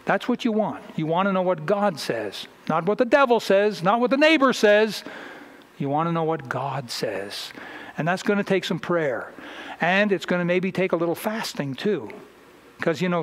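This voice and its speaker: A man preaching a sermon with a notably high-pitched voice. He tells homespun stories to make his points, moving in a plain, down-to-earth way from a story to scripture. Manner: folksy storytelling with anecdotes.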